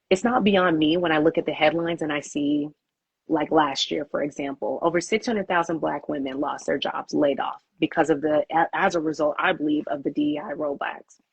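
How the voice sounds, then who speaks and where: Husky-voiced woman telling her career story. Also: low voice, dry recording, rough recording. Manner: candid storytelling, acts out her own inner thoughts. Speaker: PR agency founder. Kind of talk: interview answer.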